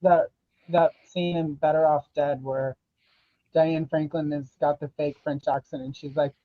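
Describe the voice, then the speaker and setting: Woman co-host, dark playful voice, dry lo-fi sound. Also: sits low, fairly even intonation, measured pace, no echo. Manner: wisecracking, playful. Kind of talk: casual chat. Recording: muffled lo-fi call audio.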